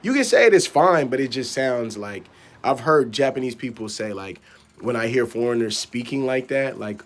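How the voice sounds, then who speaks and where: A man's voice: medium pitch, expressive, normal speed. A young man giving casual vlog advice, rambling with many fillers and repeated words. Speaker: vlogger.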